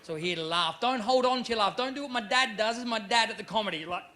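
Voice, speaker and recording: An Australian man in his thirties doing live stand-up comedy, animated and quick to jump into loud character voices. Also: high-pitched. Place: comedy club stage.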